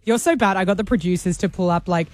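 A woman's voice: medium pitch, a little mellow, dry recording. An Australian woman co-hosting a radio show, chatty and teasing, talking into a studio microphone. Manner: chatty, teasing, quick to laugh. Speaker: radio co-host. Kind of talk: casual radio banter.

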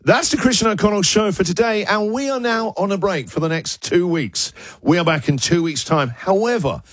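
A man's voice: high voice, moderate pace, no room sound, studio quality. A man hosting a radio show, trading jokey puns and laughing often. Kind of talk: playful radio banter reading listener puns.

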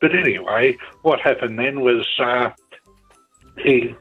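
Australian man, husky, over a tinny phone. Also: mid-range voice, soft background music. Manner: rambling, halting with many fillers. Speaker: caller. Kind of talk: telling a joke on air.

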